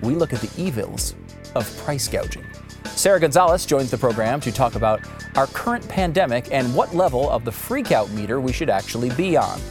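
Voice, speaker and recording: A man's voice: mid-range voice, animated, a little fast, over music. A man hosting a comedy podcast, delivering a sarcastic monologue with theatrical swings in his voice. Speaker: podcast host.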